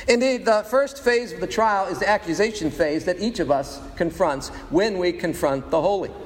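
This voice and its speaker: A man preaching a sermon with dramatic pauses, rhetorical questions and playful sound effects. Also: high voice, in a large hall, a little hiss or hum. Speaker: pastor.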